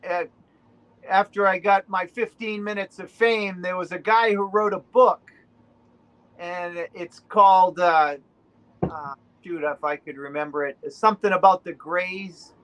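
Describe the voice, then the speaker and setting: A man's voice: high-pitched, fairly even intonation, measured pace, fairly bright tone, poor audio. A man with a Boston accent, chatting as a guest on a video call, rambling with plenty of fillers. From Rhode Island. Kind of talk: casual chat on a video call.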